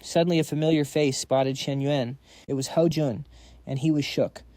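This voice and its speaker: A man narrates a comic recap in slangy, brisk storytelling. His voice is slightly high and mellow. It sounds close-miked and dry. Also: steady tone, no echo.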